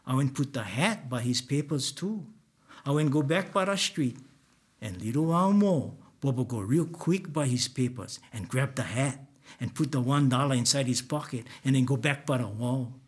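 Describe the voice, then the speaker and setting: A man's voice: mid-range voice, expressive, moderate pace. A man telling a first-person story in Hawaiian Pidgin with a plain, earnest delivery.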